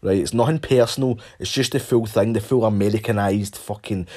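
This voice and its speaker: A man's voice: on the low side, brisk, few pauses, a little mellow. Sweary Scottish man ranting. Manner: sweary, sarcastic, mocking voices. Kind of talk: casual ranting monologue.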